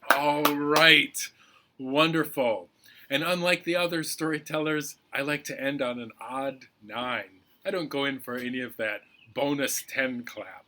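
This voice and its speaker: A man telling a folktale to children at a library storytime in a playful, expressive way. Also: medium pitch, unhurried, a little hiss or hum.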